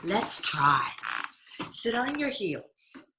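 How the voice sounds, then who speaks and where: A woman's voice: mid-range voice, very animated, very slow, echoey room, noisy background. A woman teaching yoga to children over a video call, playfully coaching them through a picture-book story. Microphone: video call mic.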